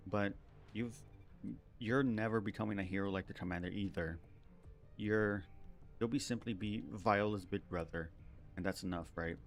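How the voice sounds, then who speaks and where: A battered female android doll, calm and defiant, with a quietly mocking edge, voiced by a man reading game dialogue on stream. The voice sits deep and low. Her words come steady and unhurried. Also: faint music behind, natural voice.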